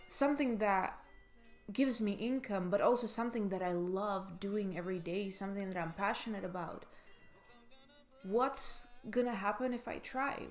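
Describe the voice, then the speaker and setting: A woman in her twenties, a vlogger giving a podcast-style pep talk in a passionate, emphatic way, swearing for emphasis. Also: medium pitch.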